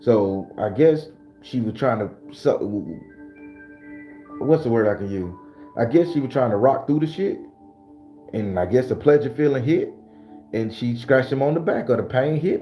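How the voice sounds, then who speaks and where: Man host, profane streetwise storyteller, mellow tone, echoey room. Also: medium pitch, lively intonation, moderate pace, faint music behind. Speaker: spiritual channel host. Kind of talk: casual storytelling.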